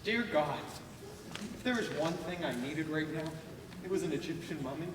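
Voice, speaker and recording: A man's voice: on the high side, moderate pace, natural voice. A young man playing a pompous, witty celebrity critic in a school stage play, with grand theatrical delivery. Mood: sardonic. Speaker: student stage actor. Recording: very echoey hall from far off, noisy.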